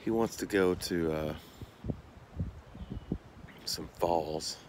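Young male vlogger, very low voice, slow and easygoing delivery, recorded outdoors with steady background noise. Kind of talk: casual vlog narration. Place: outdoors on a hiking trail.

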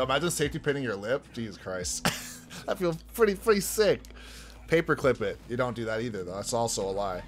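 Loud joking young male streamer. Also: mid-range voice. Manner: loud, swearing, joking with chat. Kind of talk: casual gaming stream chat.

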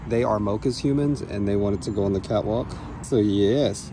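A man on a casual walking vlog outdoors, talking to cats in gentle baby talk. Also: fairly low pitch, normal speed, slight background noise. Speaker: vlog co-host. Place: outdoor neighborhood street.

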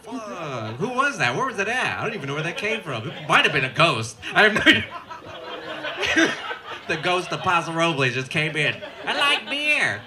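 A man's voice: a little high, very animated, fairly quick. A man doing profane, brash stand-up crowd work at a live bar comedy show. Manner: brash, profane teasing of the audience. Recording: live bar set with loud crowd and noise.

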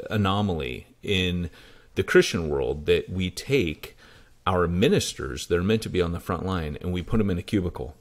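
American male pastor with a low voice, lively storyteller in an interview who voices the people he quotes. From United States. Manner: animated, acts out quoted dialogue. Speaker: pastor and church planter.

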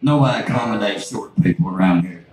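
A man's voice: on the low side, fairly quick, over music. A man with a rural Southern American accent doing a crude, self-mocking stand-up set on a club stage. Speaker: stand-up comedian. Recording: echoey, noisy room from far off.

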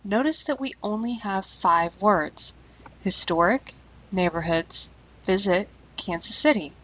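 A woman language teacher narrates a scripted lesson in an even, mid-range voice. She speaks clearly and deliberately, easing her pace to stress each key term. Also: mid-range voice, poor audio.

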